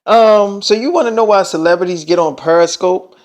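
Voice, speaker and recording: Profane high-voiced male storyteller. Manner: profane, fast-talking, emphatic storyteller. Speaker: vlogger. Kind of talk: casual storytime vlog.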